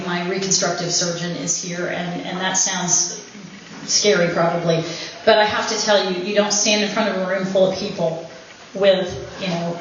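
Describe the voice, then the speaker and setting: A woman's voice: mid-range voice, a little hiss or hum. A woman giving an informal speech at her anniversary party in a winery event room, joking and laughing often. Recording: very echoey, dull room recording with ambience.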